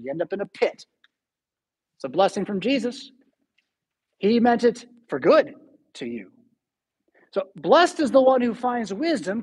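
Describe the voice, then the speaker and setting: Husky-voiced preacher with big dynamic swings. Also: male voice, high-pitched. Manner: animated storytelling with sudden loud and soft swings. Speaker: pastor. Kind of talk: sermon. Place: church sanctuary.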